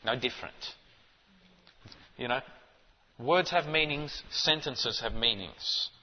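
A man's voice: medium pitch, animated, slow pace. A man preaching a sermon in an emphatic, insistent way, pressing his listeners with rhetorical questions. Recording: dull muffled sound with long hall reverb.

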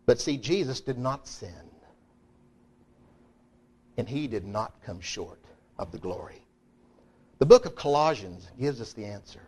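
A middle-aged man preaching a sermon in a folksy, emphatic way, swinging between loud declarations and quiet asides. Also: medium pitch, animated, unhurried, pauses often, slight background noise.

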